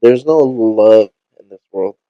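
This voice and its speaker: A young man co-hosting a casual podcast, laid-back and halting, mostly giving short replies. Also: lowish voice, clean tone, no room sound, highs cut off. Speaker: podcast co-host.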